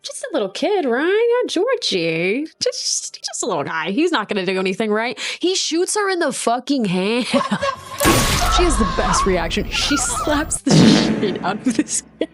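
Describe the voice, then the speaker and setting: A woman's voice: a little high, normal speed, slight background noise. A woman recapping a horror film in casual chat, joking and swearing freely. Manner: joking, profane and animated.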